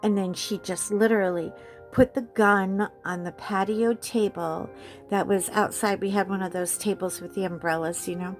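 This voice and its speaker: Animated woman telling a story. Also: medium pitch, moderate pace, faint music behind. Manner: animated, laughing often. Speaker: host. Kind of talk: casual storytelling while coloring.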